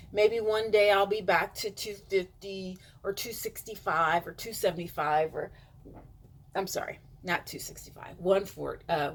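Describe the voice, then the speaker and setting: With slight background noise behind her, a middle-aged woman tells her camera a rambling personal story. Her pitch is fairly low, her speech full of fillers, and quoted lines from others come out in a whisper.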